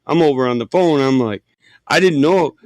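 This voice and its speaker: A man from Michigan spins a loud, profane anecdote in a loose, animated way. His voice sits mid-range and sounds dry and close to the mic. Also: medium pitch, normal speed, dry recording. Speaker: podcast host. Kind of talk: casual storytelling.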